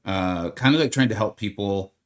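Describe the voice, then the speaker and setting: A man's voice: fairly low pitch, normal speed. A man hosting a live game stream, chatting in an upbeat, friendly way and greeting viewers by name as he talks through his plans.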